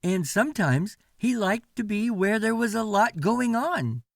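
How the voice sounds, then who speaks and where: Expressive man reading a bedtime story. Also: high-pitched, gravelly, no echo, studio quality. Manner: slow, sing-song, expressive. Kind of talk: children's storybook read-aloud.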